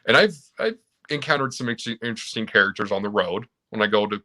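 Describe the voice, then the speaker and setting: Bright-voiced man telling shop stories. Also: fairly low pitch, animated, fast talker. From Utah. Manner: storytelling, acts out both sides of customer exchanges. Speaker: mobile automotive technician, guest. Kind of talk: casual chat.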